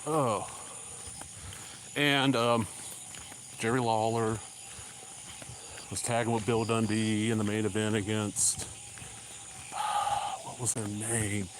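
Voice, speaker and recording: Out on a country road with crickets and insects chirping loudly around him, a Southern-accented man live-streams while walking. He talks slowly in a lowish, fairly level voice, pausing often, and his casual rambling comes with drawling asides and slight breathlessness.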